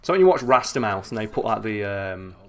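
A man giving excitable, sweary, joking commentary while playing a video game. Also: on the low side, fairly quick. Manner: excitable, sweary, jokey asides. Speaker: gaming channel host. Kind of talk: let's play commentary.

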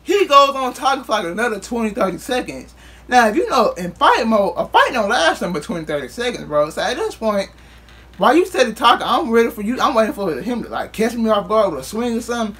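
A man's voice: very high-pitched, sing-song, fast talker, fairly bright tone, slightly rough. A man vlogger telling a casual storytime in loose, profane street talk, acting out what others said.

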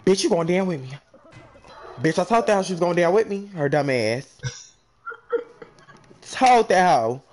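A man hosting a casual gaming stream, loud and playful with constant trash talk. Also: high-pitched, lively intonation, measured pace, pauses often.

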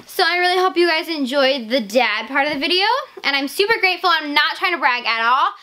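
A teenage girl vlogging casually to camera, gushing and excitable, full of "like" and "legit.". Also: sits high, a little fast. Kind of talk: casual haul vlog.

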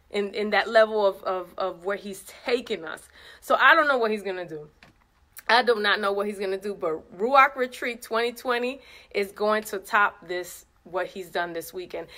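A woman's voice: medium pitch, bright, forceful tone. A woman organizing a retreat, chatting casually as she reads messages aloud and adds effusive praise exclamations. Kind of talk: casual recap vlog.

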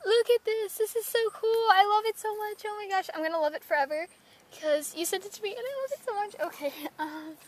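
A woman's voice: very high-pitched, fast talker, a little hiss or hum. A teenage girl vlogging as she opens a package from a friend, gushing and giggling, exclaiming over each item. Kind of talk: excited package-opening vlog.

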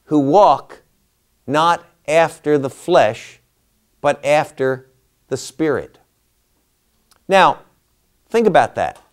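A man teaching a Bible class, lecturing through a passage and posing rhetorical questions to his listeners. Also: on the high side.

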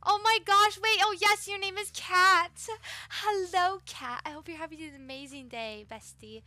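A woman's voice: extremely high pitch, moderate pace, sharp tone, no room sound. A young woman live-streaming a video game, bubbly and chatty, greeting viewers by name and reacting to the game with gasps. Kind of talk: live gaming stream chat.

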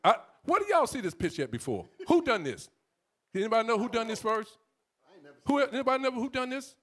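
A man in casual commentary, presenting a photo to the congregation, talking in an excited way. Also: very high-pitched, a little fast. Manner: laughing, excited. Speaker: church captain.

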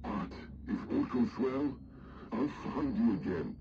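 An actor playing a solemn man preparing for his own rebirth, speaking in a grave, measured way in a video game cutscene. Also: medium pitch, animated. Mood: tender. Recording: muffled game audio with noise.

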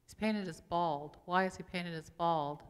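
A female pastor preaches a conversational sermon in a church sanctuary, posing questions to the congregation along the way. Her voice is low-leaning and clean, at a measured pace, with long church reverb on the recording.

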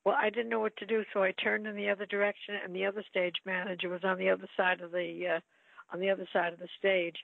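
A woman's voice: mid-range voice, level tone, fast, gravelly, dry recording. An older woman, an actress, telling playful anecdotes in an interview. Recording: phone-like line, dry.

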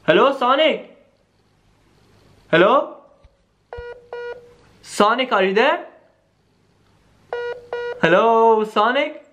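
Brief: excitable vlogger hosting a spooky phone-call skit, mid-pitched voice, talks to viewers, swings into hushed tension. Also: drawn-out words, long pauses. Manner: excitable, keeps saying "guys", drops to hushed tones. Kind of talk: staged scary phone-call skit vlog.

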